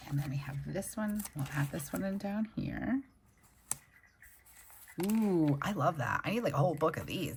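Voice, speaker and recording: A woman's voice: deep voice, slight background noise. A young woman hosting a plan-with-me video, chatting and gushing over stickers as she decorates her planner. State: recovering from a migraine. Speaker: planner channel host. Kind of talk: casual plan-with-me chat.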